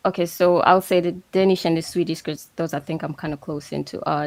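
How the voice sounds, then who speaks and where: Lady on a video call study group, kinda low voice, dry sound, unsure and giggly. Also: level tone, moderate pace, hardly any pauses, dry recording. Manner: hesitant, laughs at her own tries. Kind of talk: casual online discussion.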